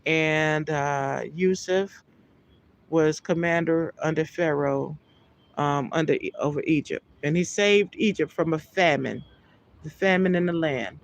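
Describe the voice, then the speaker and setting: A woman with a deep, gravelly voice reads a little slowly from the Bible. She delivers the archaic scripture in an elevated, lifted tone, then slips into loose commentary full of fillers.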